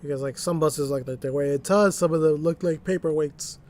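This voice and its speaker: A man's voice: on the high side, normal speed, a little mellow, slight background noise. Rambling, self-mocking male streamer. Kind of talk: casual gameplay commentary. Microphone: desk mic.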